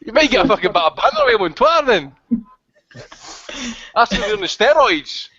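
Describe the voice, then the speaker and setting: A man's voice: very high-pitched, wildly swooping pitch, normal speed, gravelly, sharp tone, husky. A man hosting a podcast, ranting and swearing constantly in casual banter. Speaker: podcast host. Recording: dull lo-fi sound.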